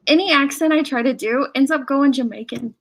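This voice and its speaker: Casting: woman live-stream host, Midwest-raised, higher voice with some vocal fry, chatty and giggly. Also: fairly quick. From Illinois. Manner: chatty, laughs often, reads out super chats. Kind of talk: casual live-stream chat.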